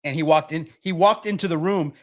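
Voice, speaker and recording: A man's voice: a little high, fairly quick. A man hosting a sports podcast, ranting in an emphatic, repetitive and mocking way. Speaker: podcast host. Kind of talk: heated sports podcast rant.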